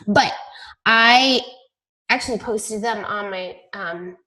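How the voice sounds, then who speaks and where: A woman's voice: mid-range voice, slow, bright, forceful tone. A woman leading her team call, telling stories in a chatty, self-deprecating way. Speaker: team leader on a coaching call. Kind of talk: casual team call talk.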